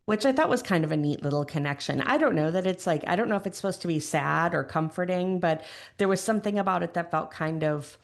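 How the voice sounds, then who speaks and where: Woman, Chicago accent, middle-aged, low voice, gravelly fry, reflective, thoughtful podcast guest. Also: expressive, fast. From Chicago area, USA. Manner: thoughtful, searching for words, frequent restarts. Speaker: podcast guest, grief educator. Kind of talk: reflective conversational interview.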